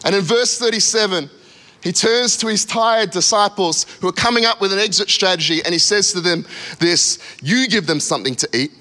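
A man's voice: high-pitched, normal speed, sharp tone. A man preaching a sermon as a pastor, with frequent "come on" interjections and acted-out quotes. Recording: long hall reverb.

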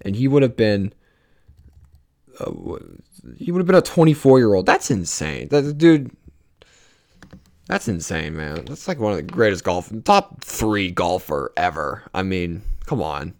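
Low-voiced young man ranting casually. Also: sing-song, measured pace, vocal fry, long pauses, darkish tone. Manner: rambling, profane, restarts a lot. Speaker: podcast host. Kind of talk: casual solo chat.

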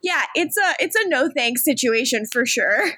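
A woman's voice: high-pitched, lively intonation, normal speed, bright, forceful tone. A woman co-hosting a podcast, chatting casually and laughing often, acting out character lines as she recaps. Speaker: podcast co-host.

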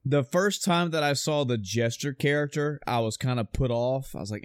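A man's voice: medium pitch, normal speed, hardly any pauses, dry recording, studio quality. A man talking casually about a video game, swearing often and rambling with enthusiasm. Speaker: podcast host reviewing a video game. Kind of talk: casual chat.

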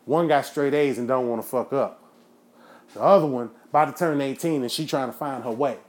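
A man hosting his own show, ranting in a profane, preachy monologue that flares into shouting. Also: mid-range voice, a little fast. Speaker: podcast host.

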